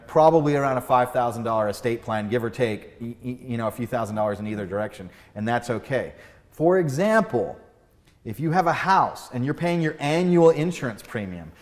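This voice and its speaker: A man hosting a podcast as an estate planning lawyer, chatting casually with lively storytelling and frequent restarts. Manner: animated storytelling, acts out doctor skits with big pitch jumps; fillers and restarts, laughs at own jokes. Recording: room with long reverb.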